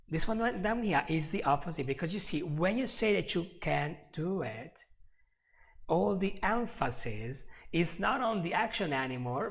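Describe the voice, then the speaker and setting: Man, gravelly voice, live English lesson, explanatory, repeats words. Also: high voice. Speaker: English teacher.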